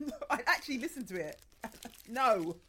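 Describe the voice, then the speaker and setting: A young British woman co-hosting a casual chat, with wry remarks and quick laughter. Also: fairly high pitch, expressive, pushed and bright, a little hiss or hum. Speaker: co-host.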